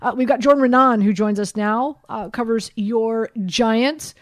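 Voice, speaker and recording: A woman hosting a sports radio show, telling stories in lively casual chat and laughing through them. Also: fairly high pitch, measured pace, no room sound. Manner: animated storyteller, laughs through her stories. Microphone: studio microphone.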